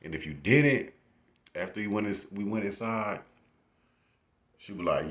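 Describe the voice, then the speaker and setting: A man's voice: lowish voice, measured pace, long pauses. A young man casually telling stories into his phone, swearing freely and laughing as he goes. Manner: profane, laughing, animated retelling. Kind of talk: casual storytelling.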